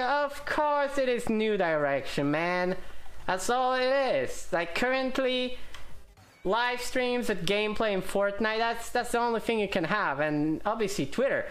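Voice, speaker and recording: A man who is not a native English speaker, rambling and joking as he plays and talks over a game. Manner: rambling, jokey, swears at the game, lively swings in pitch. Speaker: gamer streamer. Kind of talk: casual gameplay commentary.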